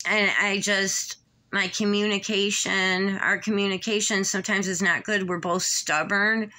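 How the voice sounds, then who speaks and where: Woman vlogger, breathless and halting, bright tone, unhurried emotional rambling. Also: mid-range voice. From Michigan, USA. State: short of breath, tight-chested. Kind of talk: personal vlog monologue.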